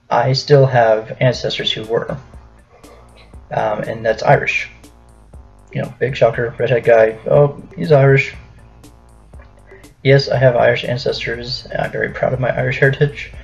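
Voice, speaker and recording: Young American male vlogger, halting delivery, gravelly edge, dull lo-fi recording. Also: mid-range voice. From United States. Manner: hesitant, many ums and restarts. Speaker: YouTuber host. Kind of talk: casual vlog commentary. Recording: dull lo-fi with faint music.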